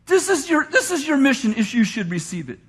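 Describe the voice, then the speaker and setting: A man preaching a lively sermon, shouting his points and mimicking complainers in mock voices. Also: very high-pitched, a little fast. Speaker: pastor. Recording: long hall reverb from a church.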